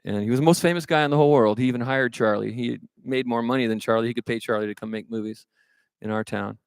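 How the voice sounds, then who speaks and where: A man's voice: mid-range voice, quick pace, gravelly, clear, resonant tone, dry recording, clean studio sound. A man from California who is a singer-songwriter, chatting and telling self-mocking jokes between songs at a live show. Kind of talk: stage banter and joke-telling between songs.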